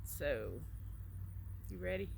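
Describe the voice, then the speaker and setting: A middle-aged travel agent from Alabama with a Southern drawl co-hosts a casual accent-tag chat, explaining how she says words through little anecdotes. Her voice is fairly low and a little mellow, with lively intonation, a slow pace, and vocal fry. A bit of hiss or hum sits in the background.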